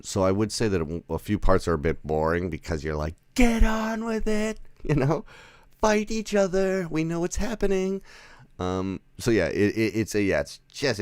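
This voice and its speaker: A man's voice: very deep voice, a little mellow, no echo. A man giving a casual movie review, rambling with lots of fillers, restarts and chuckling asides. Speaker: film reviewer.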